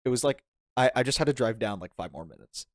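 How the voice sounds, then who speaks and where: Young man, casual storytelling, animated, laughs a lot, dry close sound. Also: medium pitch, fast talker, dry recording. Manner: animated, rambling, laughing, acts out quoted lines. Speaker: podcast guest.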